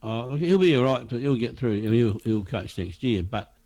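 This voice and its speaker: A man's voice: medium pitch, animated, moderate pace, mellow, dry recording. An Australian man co-hosting a casual sports podcast, blunt and scornful, often restarting his sentences. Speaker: podcast co-host.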